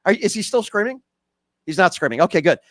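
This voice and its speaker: A man runs a call-in radio show and heaps scorn on the people who phone in. His voice sits high, and the studio sound is close and dry. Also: animated, fast talker, a bit bright, no echo. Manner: mocking, insulting, talks over callers. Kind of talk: combative call-in radio talk.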